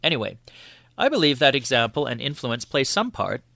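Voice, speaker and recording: Guy reading as a calm learned lecturer, formal and patient, bright clear voice, dry sound. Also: medium pitch, no room sound, heavily acted. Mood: earnest. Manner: measured, formal, patient explaining.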